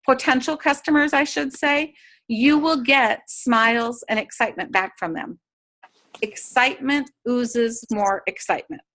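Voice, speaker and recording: Woman, upbeat sales coach on a video call, high and bright voice. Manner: upbeat, coaching, acts out sample chats. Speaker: sales trainer. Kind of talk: training talk to direct sellers.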